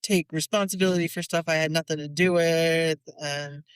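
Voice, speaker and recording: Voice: mid-range voice, fairly even intonation, normal speed, clear, resonant tone, no echo, clean studio sound. A podcast co-host in casual chat, making self-deprecating jokes.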